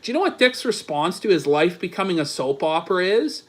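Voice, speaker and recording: A man's voice: high-pitched, sing-song, fairly quick, a bit bright. A man giving sarcastic, profanity-heavy online commentary, reading messages aloud with incredulous asides, his voice a bit strained from long talking. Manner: sarcastic, swears a lot, incredulous.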